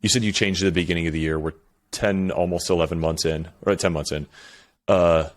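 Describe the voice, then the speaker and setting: A man in a casual podcast conversation, asking probing questions and giving steady practical advice. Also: deep voice, brisk.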